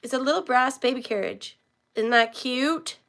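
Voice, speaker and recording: Gravelly woman with a sore throat. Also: high-pitched, normal speed, a bit bright. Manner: chatty, greets viewers by name while showing items. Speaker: online reseller hosting a live auction. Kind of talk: live-stream selling chat.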